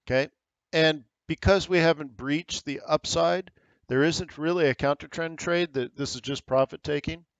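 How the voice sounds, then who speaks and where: A man's voice: on the high side, fairly even intonation, moderate pace, clean tone, no echo, muffled recording. An American man hosting a live trading webinar, giving casual, rambling market commentary with frequent fillers.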